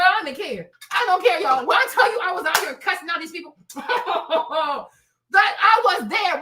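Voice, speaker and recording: Bright, high-voiced woman ranting heatedly. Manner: repetitive, cursing, shouting bursts. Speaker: host. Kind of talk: heated livestream rant. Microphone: streaming mic.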